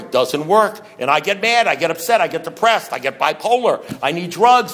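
A man's voice: high voice, expressive, moderate pace, hardly any pauses, a bit bright. A man speaking at a recovery meeting, preaching with rhetorical questions and wry humor. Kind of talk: impassioned talk to a meeting. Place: meeting room with an audience.

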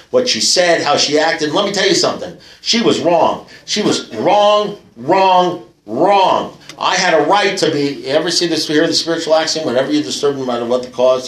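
A man's voice: medium pitch, gravelly, fairly bright tone. Rambling, profane man in a roomy hall. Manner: rambling, full of "you know" fillers; blunt and profane, with wry humour. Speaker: speaker at a recovery meeting. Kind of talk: storytelling talk to a live audience. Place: meeting room with an audience.

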